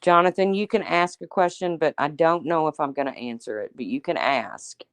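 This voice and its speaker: Hosting a relaxed livestream, this woman reads viewer comments, answering them by name with plenty of chatter and teasing. Her voice is low, her pace is moderate, and there's no echo.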